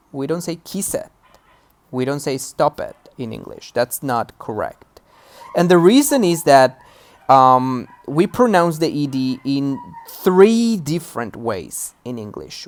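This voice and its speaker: Her deep, slightly mellow voice guides a recorded English lesson on grammar and pronunciation. She walks through each point patiently and checks in with the learner.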